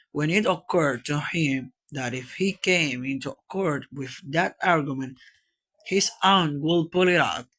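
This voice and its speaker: A man narrating a classic children's storybook in a slow, measured reading. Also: a little high, fairly bright tone, husky. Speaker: audiobook reader.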